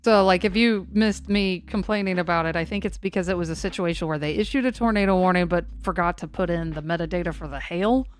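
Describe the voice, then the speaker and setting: A woman's voice: on the low side, quick pace, few pauses, soft background music. A woman hosting a severe-weather livestream, chatting casually and rambling, self-deprecating as she answers the chat. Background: faint looping song.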